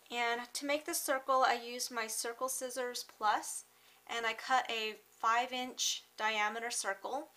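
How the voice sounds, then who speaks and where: A woman hosting a card-making tutorial, talking through each step in a chatty, unhurried way with small fillers and self-corrections. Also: fairly high pitch, pushed and bright, poor audio. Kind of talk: step-by-step craft tutorial narration.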